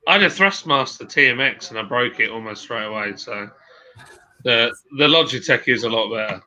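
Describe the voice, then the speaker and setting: Bright chatty man on a stream. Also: medium pitch, animated, normal speed. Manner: chatty, laughing, reads chat aloud. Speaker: host. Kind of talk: casual livestream chat reading viewer comments. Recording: dull lo-fi stream audio.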